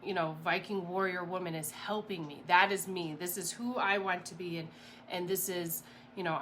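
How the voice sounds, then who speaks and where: A woman giving a casual motivational talk as a mindset coach, chatty and animated, rambling with fillers and quick laughs. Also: on the low side, slight background noise.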